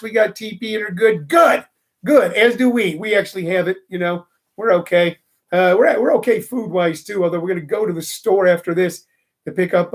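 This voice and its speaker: A middle-aged man hosting a loose, rambling live stream, chatting with viewers and greeting them by name. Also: high-pitched. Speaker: host.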